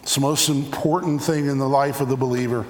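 A man's voice: mid-range voice, brisk. Preaching man in an echoey hall. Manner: animated storytelling, acting out examples. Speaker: pastor. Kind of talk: sermon.

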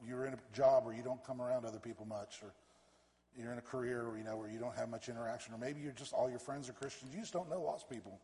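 A man, a pastor, preaching a fervent sermon that swells to loud emphatic peaks and drops back low. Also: steady tone, fast. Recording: reverberant church hall.

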